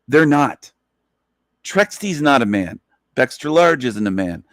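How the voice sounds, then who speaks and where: A man's voice: medium pitch, animated, moderate pace, dry recording, studio quality. A man hosting an online radio show, ranting in an emphatic, profane, repetitive monologue. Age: adult, past twenties.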